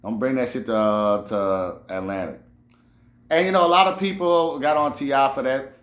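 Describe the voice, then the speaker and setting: A man riffs through a casual commentary monologue, profane and animated, circling back over his own words. His voice sits at a middling pitch. The room around him gives a noticeable echo. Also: normal speed. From New Orleans. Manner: animated, profane, rambling with restarts. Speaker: host.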